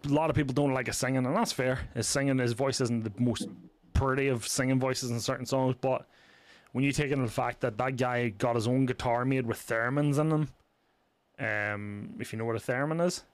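A man's voice: mid-range voice, steady tone, brisk, no echo. Male co-host, casual sweary banter, dry mic. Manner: laughing, swearing, joking banter. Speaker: podcast co-host. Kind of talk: casual chat.

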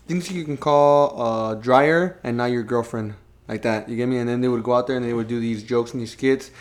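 A man's voice: mid-range voice, fairly quick. A man in casual conversation, rambling with many restarts and asking "you get me?" as he goes. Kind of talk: casual chat.

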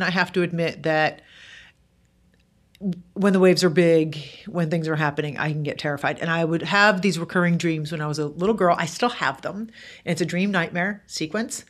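Woman, author guest, casual interview, candid, animated, lowish voice. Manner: candid and animated, with frequent fillers.

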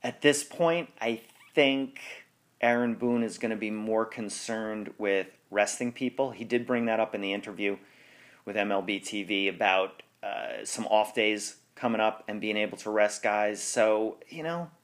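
A man's voice: lowish voice, unhurried. A man hosting a sports podcast in casual chat, rambling and correcting himself, with frequent laughs. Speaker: podcast host.

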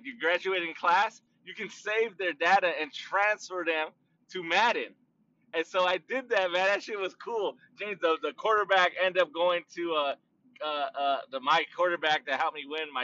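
A man hosts his podcast on his own, rambling and swearing freely as he circles back and restarts his sentences. His voice is bright and forceful and sits a bit high. The recording sounds dull and lo-fi. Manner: rambling, profane, restarts often. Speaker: podcast host. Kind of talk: casual solo podcast talk.

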